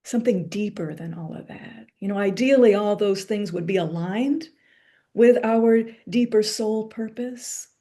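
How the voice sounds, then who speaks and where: A woman gives a reflective spiritual lecture in a warm, mellow voice. She speaks unhurriedly and meditatively, letting pauses and soft asides settle between her thoughts. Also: mid-range voice. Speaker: lecturer and author.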